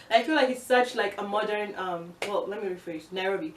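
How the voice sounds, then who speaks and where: A young woman from Uganda chatting fast and excitedly in a casual vlog, given to exasperated, swearing rants. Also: mid-range voice, far from the mic. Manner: fast, excitable talker who speeds up. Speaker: vlogger. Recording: roomy, from the mic.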